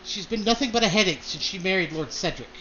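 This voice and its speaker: A man's voice: high-pitched, expressive, quick pace, bright, forceful tone, slight background noise. A man voicing Lady Dahlia, a haughty noble mother who gossips and complains about her ambitious daughter, on a dull lo-fi recording. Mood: bitter.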